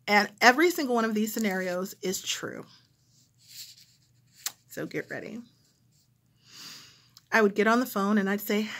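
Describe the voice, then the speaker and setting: A woman with a General American accent talks to her viewers in a casual, reflective vlog. She pauses often with ums as she gathers her thoughts, her voice sitting at an everyday middle pitch. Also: fairly bright tone. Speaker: vlogger. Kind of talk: casual talk to camera.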